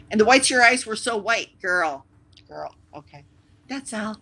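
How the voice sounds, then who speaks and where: Brief: live streamer, bright forceful tone, rambling and teasing chat, faint background hiss. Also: medium pitch, big pitch swings, moderate pace, vocal fry, rough recording. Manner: rambling, teasing, with sudden loud bursts and whispered asides. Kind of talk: casual chat with stream viewers.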